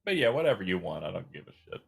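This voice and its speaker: A man's voice: low-pitched, very animated, quick pace, gravelly, breathy edge. A tired young man co-hosting a game stream after an all-night session, chatting in a dry, self-deprecating way and swearing casually. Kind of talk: casual chat.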